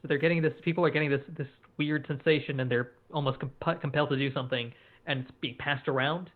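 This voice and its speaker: A man playing a tabletop game, giving brisk, commanding orders when he speaks in character. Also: on the high side, fairly even intonation. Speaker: player. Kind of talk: tabletop game play over a call. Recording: tinny phone-like call audio.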